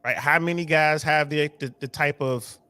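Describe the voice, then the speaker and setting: A man talking as a podcast guest in casual chat. He is animated and slangy and often repeats words as he goes. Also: a little high, normal speed, clear, resonant tone, dry recording.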